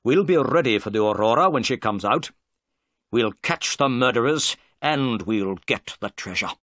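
A clever, confident detective from a storybook, voiced by a man in a brisk, assured tone. His pitch moves in lively swings, and the recording is dry with no room sound. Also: dry recording, natural voice.

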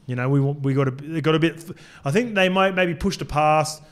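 A man's voice: a little high, a little fast, smooth. A man co-hosting a casual sports podcast as a former player, agreeable and telling stories from his playing days, with occasional swearing. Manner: agreeable storyteller, frequent restarts and fillers, occasional swearing. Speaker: former rugby league player, podcast co-host.

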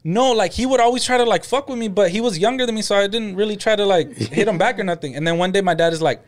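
High-voiced man laughing through stories. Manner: relaxed anecdotes, quick to laugh. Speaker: podcast co-host. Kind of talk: casual chat. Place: podcast studio.

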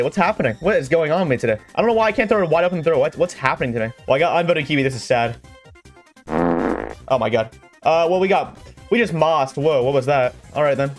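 Excitable gamer man, slightly high voice. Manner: excitable, trash-talking, self-mocking gamer banter. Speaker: gaming YouTuber. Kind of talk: live gameplay commentary.

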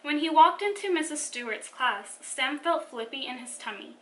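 A woman from a children's ministry reading a picture book aloud to children in an animated storytelling manner. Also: high voice, moderate pace.

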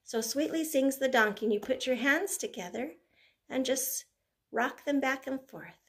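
An older woman, a grandmother, leading a toddler through finger plays and songs, talking gently and breaking into simple tunes. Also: sits high, normal speed, slightly rough. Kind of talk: gentle children's sing-along lesson.

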